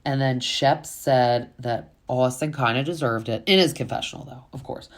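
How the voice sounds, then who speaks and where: A woman's voice: rumbling low, normal speed. A woman hosting a casual reality TV recap, chatty and full of fillers, with exasperated asides.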